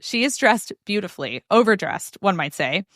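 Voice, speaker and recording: A woman podcast host telling a story in a casual chat, animated and full of "like" fillers. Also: mid-range voice, moderate pace, no room sound, clean studio sound. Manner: animated retelling with many "like" fillers.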